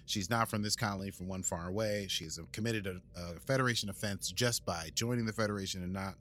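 A man's voice: on the low side, fast talker, a bit bright. A man, a podcast host casually recapping an episode in a rambling, playful way. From United States. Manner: rambling, playful, adds sound effects. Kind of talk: casual chat.

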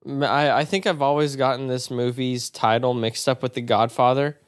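A man's voice: medium pitch, fairly even intonation, moderate pace, smooth, dry recording, studio quality. A young man co-hosting a casual movie review podcast, blunt and offhand, often swearing and laughing. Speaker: podcast co-host.

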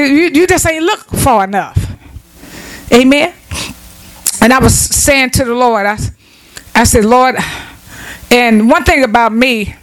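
A woman's voice: a little high, rough recording. Woman preaching an informal sermon. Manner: preaching with repeated "Amen" and calls to the congregation; informal vernacular speech with frequent restarts.

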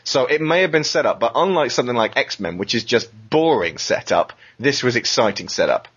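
Husky man, lo-fi podcast. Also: medium pitch, expressive, a little fast, fairly bright tone. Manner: enthusiastic, swears freely, acts out quotes. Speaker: podcast host. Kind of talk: casual podcast chat. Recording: dull lo-fi podcast audio.

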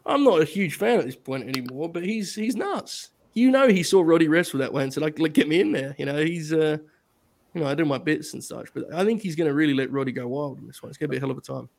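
A man's voice: on the high side, quick pace, gravelly, a little mellow. A man co-hosting a podcast in casual chat, joking and playfully teasing the others. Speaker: podcast co-host.

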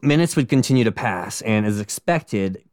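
A man's voice: fairly low pitch, lively intonation, moderate pace, darkish tone, no echo, studio quality. A man co-hosting a casual true-crime podcast, reading out the case and cutting in with jokey, sweary asides. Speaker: podcast co-host.

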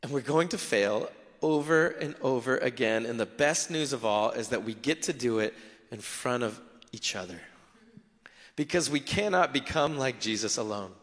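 A man's voice: medium pitch, moderate pace. Man preaching casually in a reverberant hall. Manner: conversational, animated preaching with acted asides. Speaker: pastor. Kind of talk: sermon.

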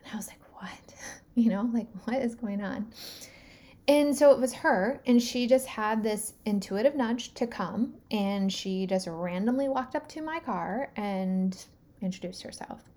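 A woman in her thirties retelling a personal story in a lively, animated way, full of fillers and acted-out quotes. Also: mid-range voice, measured pace. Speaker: podcast host.

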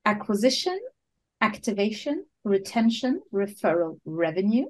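A woman's voice: mid-range voice, normal speed, rough recording. A woman guest on a podcast interview, a product management coach, explaining ideas step by step with fillers, restarts and frequent laughter, sometimes searching for English words. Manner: laughs often while talking.

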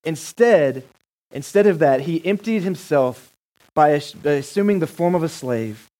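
A man's voice: on the high side, expressive, measured pace, dark tone, poor audio. A male pastor giving a sermon in a casual, enthusiastic, joking manner.

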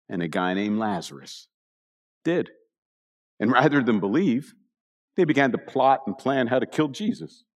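A man preaching a conversational sermon, telling the story with animated asides to his congregation. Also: mid-range voice, normal speed, pauses often. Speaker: pastor. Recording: long hall reverb.

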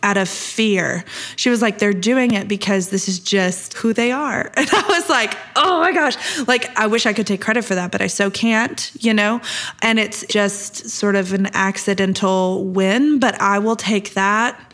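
A woman's voice: mid-range voice, a little slow, a bit bright. A woman, hosting a parenting podcast as a pastor in a chatty, upbeat way and laughing often. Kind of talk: casual podcast monologue.

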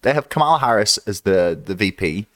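Low-voiced man ranting, lively pitch. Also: a little fast. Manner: swears freely, rambling and opinionated. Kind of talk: casual chat.

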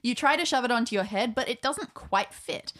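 A woman's voice: a little high, fairly quick, fairly bright tone. A woman running a tabletop role-playing game as game master, describing scenes in an amused way and laughing often.

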